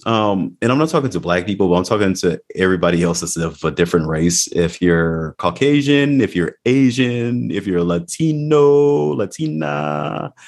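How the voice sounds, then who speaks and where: A man's voice: lowish voice, vocal fry, darkish tone. A man hosting a casual chat, joking and crude in a laid-back way.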